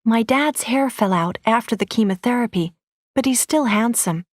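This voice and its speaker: Clear, steady woman reading a story. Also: fairly high pitch, moderate pace, no room sound, clean studio sound. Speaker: audiobook reader. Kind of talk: graded-reader story narration.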